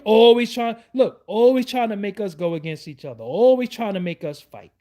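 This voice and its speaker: A man's voice: high-pitched, lively intonation, a little fast, a little mellow. A middle-aged man, hosting his own online show and ranting to his viewers with heated, repeated rhetorical questions. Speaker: YouTube show host. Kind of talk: livestream rant.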